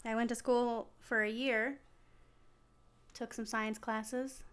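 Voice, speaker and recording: A young woman co-hosting a podcast, chatting casually and reacting with quick questions and laughs. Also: fairly high pitch, little pitch movement, fairly bright tone, clean tone. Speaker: podcast co-host. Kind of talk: casual chat.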